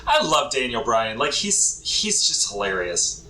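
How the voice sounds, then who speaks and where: A man's voice: mid-range voice, very animated, a little slow, sharp tone, echoey room, a little hiss or hum. A man co-hosting a casual podcast chat, laughing often and reacting in short phrases. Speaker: podcast co-host.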